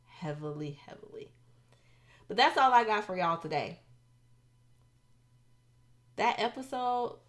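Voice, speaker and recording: A woman hosting a casual reality TV recap, expressive and sassy, throwing in quick asides. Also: fairly low pitch.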